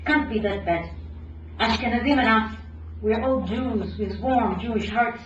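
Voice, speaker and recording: A woman's voice: a little high, unhurried, a little hiss or hum, close to an everyday voice. A woman voicing a dismissive woman who mutters her doubts. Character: dismissive woman muttering while serving drinks. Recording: roomy hall, distant dull mic.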